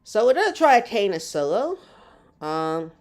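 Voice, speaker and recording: A woman's voice: medium pitch, big pitch swings, normal speed, darkish tone, faint music behind. A woman hosting a live gameplay stream, chatting with her audience in a rambling, self-mocking way. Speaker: gaming streamer.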